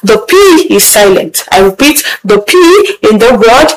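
A woman hosting a radio English lesson, repeating words slowly and carefully. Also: fairly high pitch, sing-song, soft background music, rough recording. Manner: slow, careful repetition of words, instructive. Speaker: radio host teaching English.

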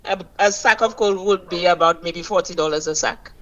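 A woman with a Saint Lucian accent, calling in to a radio talk show and preaching hard about politics, stressing words slowly and emphatically. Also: lowish voice, dull audio. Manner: impassioned, preachy, emphatic with slow drawn-out stresses. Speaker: caller. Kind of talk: call-in radio political rant.

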